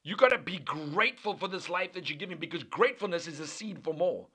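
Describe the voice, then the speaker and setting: A man's voice: high voice, animated, fast, sharp tone, slightly rough. A man preaching a sermon with fervent, repetitive rhythmic cadence, building lists phrase by phrase.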